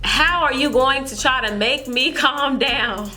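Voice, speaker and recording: Bright-voiced young woman vlogger, animated. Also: high-pitched, unhurried. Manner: animated, repeats herself, talks straight to viewers. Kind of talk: storytime vlog chat.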